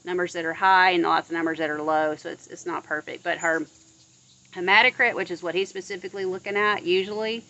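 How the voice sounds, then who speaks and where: A woman's voice: lowish voice, steady tone, fairly quick, pushed and bright, muffled recording. A woman vlogging in a casual chat outdoors in her yard, rambling along with frequent restarts and asides. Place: outdoors in a yard near bird feeders.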